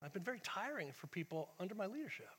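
Animated high-voiced preacher in echoing church. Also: male voice, quick pace, a little hiss or hum. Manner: animated, acts out quoted voices, shifts between shouting and hushed asides. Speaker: pastor. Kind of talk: sermon.

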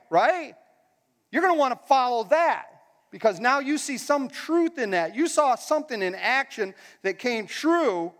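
A man's voice: very high-pitched, expressive, moderate pace, a bit bright. A man preaching a casual, conversational sermon in a church hall, asking the crowd questions as he goes. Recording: long hall reverb.

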